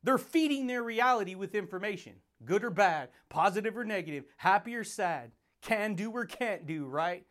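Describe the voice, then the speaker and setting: Male podcast host, high voice, playful hype-man motivational delivery with lots of laughter. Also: sing-song, normal speed, fairly bright tone. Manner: hyped, playful, laughs often, calls listeners baby and buddy. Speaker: podcast host, self-help speaker. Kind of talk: motivational monologue.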